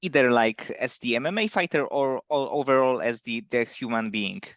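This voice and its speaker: A man interviewing a fighter, asking questions haltingly with fillers. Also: medium pitch, a bit bright, no room sound, muffled recording.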